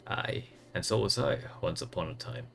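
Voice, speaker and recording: A man voicing an older retired samurai and proud grieving father, in a grave old man voice that breaks into strained high cries. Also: animated, normal speed, creaky, full character voice. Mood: solemn. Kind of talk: reading game dialogue aloud in character.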